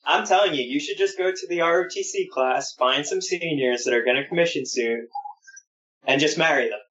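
A man's voice: on the high side, a little fast, fairly bright tone. A young man co-hosting a casual podcast chat in an earnest, easygoing way. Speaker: podcast co-host. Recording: dull lo-fi call audio.

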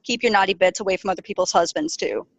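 A woman's voice: mid-range voice, fast, no room sound. A woman co-hosting a podcast, chatting casually in a blunt, laughing way. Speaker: podcast co-host.

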